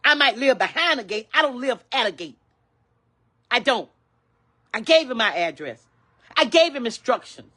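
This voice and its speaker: A woman's voice: on the high side, expressive, normal speed, pauses often, bright, forceful tone. Older woman, indignant, repetitive, preachy, complaint vlog rant. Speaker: vlogger.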